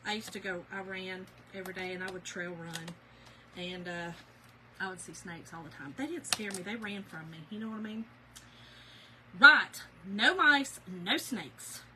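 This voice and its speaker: A woman's voice: mid-range voice, normal speed, background noise. A woman, chatting casually with her livestream viewers from home and telling stories with lots of laughter. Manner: chatty, animated storyteller, laughs often. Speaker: craft channel host.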